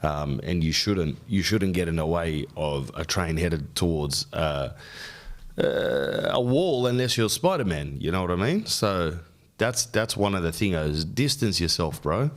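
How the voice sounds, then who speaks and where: A man with a notably low voice hosts a podcast, speaking into a microphone. He hands out advice in a loose, rambling way, full of slang and repeated "bro"s. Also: lively intonation, a little slow. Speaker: podcast host. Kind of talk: casual advice chat.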